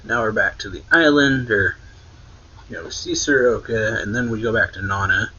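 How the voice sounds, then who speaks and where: A man with a lowish, husky voice and a sharp, forceful edge, casually retelling a comic chapter. He rambles, stacking fillers and correcting himself as he goes. The recording sounds dull and lo-fi. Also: normal speed. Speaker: anime reaction channel host. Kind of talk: casual manga chapter recap.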